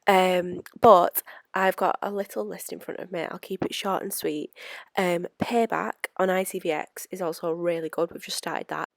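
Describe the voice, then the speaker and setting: A woman's voice: mid-range voice, dry recording, clean studio sound. A young woman adding a self-mocking, chatty voice-over aside to her vlog. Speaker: vlogger.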